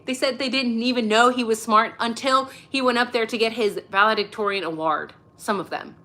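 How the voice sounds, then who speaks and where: A woman with a clear, bright voice hosts her own channel and talks through her views in casual commentary. She keeps it loose and chatty, checking in with the listener with a quick "right?" after her points. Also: fairly high pitch. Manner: conversational, keeps tagging "right?". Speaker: channel host.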